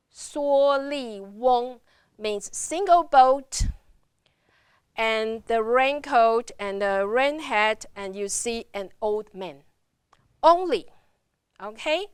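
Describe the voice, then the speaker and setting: A woman's voice: fairly high pitch, clear, resonant tone, no room sound, studio quality. A woman teaching Chinese pronunciation in a university lecture, sounding out tones syllable by syllable in English with a Taiwanese Mandarin accent. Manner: models tones slowly, syllable by syllable.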